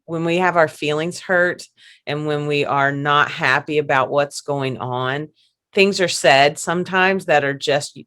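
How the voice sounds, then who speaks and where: A woman hosting a casual podcast conversation, chatty and quick to laugh, often restarting and repeating her words. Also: low voice, fairly bright tone. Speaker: podcast host.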